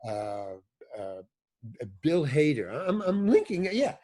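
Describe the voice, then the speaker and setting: Older actor-director guest, slightly high voice, rambling and self-interrupting storyteller. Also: male voice, very animated, slow pace, crowd noise. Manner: rambling, self-interrupting, loses his thread.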